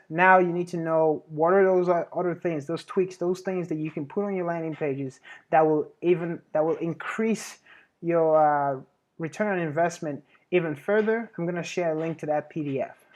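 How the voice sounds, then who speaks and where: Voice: medium pitch, a little mellow. A host giving a casual marketing tutorial, chatty and self-correcting, with frequent restarts. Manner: plugs own services with a laugh. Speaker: host, web marketing advisor.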